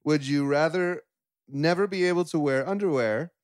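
A man's voice: a little high, moderate pace, smooth, no echo, studio quality. A man chatting casually with his partner on a podcast, playful and easygoing. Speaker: co-host, partner. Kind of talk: casual chat.

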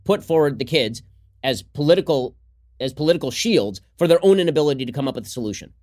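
Male podcast host, sarcastic and combative, rapid-fire delivery, slightly high voice. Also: animated, a little mellow. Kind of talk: fast solo political commentary.

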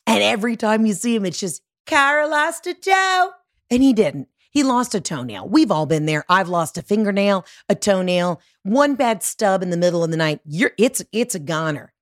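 A woman's voice: mid-range voice, animated, normal speed, hardly any pauses, dry recording, clean studio sound. A woman hosting a podcast in a casual, comedic monologue that is profane, rambling and sarcastic. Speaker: podcast host.

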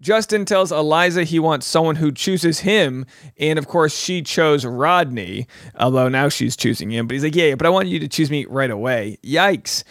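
A man in his thirties recaps a reality show with a loose, joking ramble, jumping into quick silly voices when he quotes people. His voice sits a bit high for a man. The sound is close and dry, with no room behind it. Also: fairly bright tone, no echo.

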